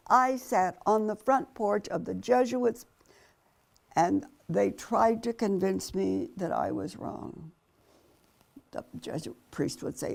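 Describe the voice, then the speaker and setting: An older woman telling her personal testimony as a lively storyteller, acting out the voices of the people she quotes and dropping to a hushed near-whisper at intimate moments. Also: medium pitch, normal speed, creaky. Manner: animated, dramatic storyteller who acts out quoted voices.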